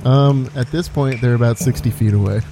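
A man's voice: mid-range voice, a little fast, over music. A man running a tabletop game as game master, describing the action in an easygoing way.

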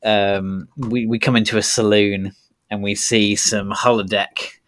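A man's voice: lowish voice, little pitch movement, a little slow, fairly bright tone. A man co-hosting a podcast in casual chat, laughing often and restarting his sentences. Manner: laughing, hesitant with many restarts. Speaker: podcast co-host.

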